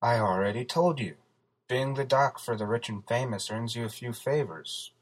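A man voicing a woman doctor with a confident, brisk manner. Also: medium pitch, close to an everyday voice. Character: woman doctor, bold and sharp.

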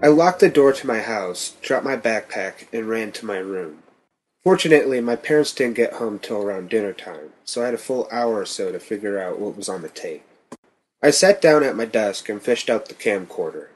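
Husky-voiced man narrating horror. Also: on the low side, animated, normal speed, a little mellow. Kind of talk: first-person horror story narration.

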